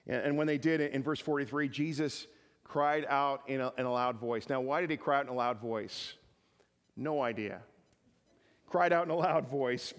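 A man preaching a sermon as pastor, often repeating words as he builds to emphatic peaks. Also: medium pitch. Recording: long reverb of a large hall.

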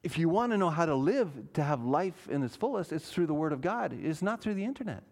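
Animated man preaching a sermon. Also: on the high side, a little fast. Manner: earnest, emphatic preaching with rhetorical questions. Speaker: pastor. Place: church.

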